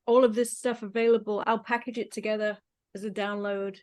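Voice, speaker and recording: A woman with a British accent, a podcast guest, talking in a relaxed, conversational way that often trails off. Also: medium pitch, fairly quick. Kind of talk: casual interview chat.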